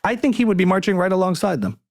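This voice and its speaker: A man's voice: high voice, expressive, fast, a little mellow. A male comedian as podcast guest, arguing emphatically in a heated conversation and repeating words as he starts sentences.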